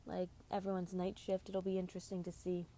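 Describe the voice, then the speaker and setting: A woman's voice: lowish voice, monotone, fairly quick, mellow, a little hiss or hum. A tired woman streaming a mobile game at home, chatting casually and rambling about her team. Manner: rambling, chatty, self-deprecating. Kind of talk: casual gameplay commentary.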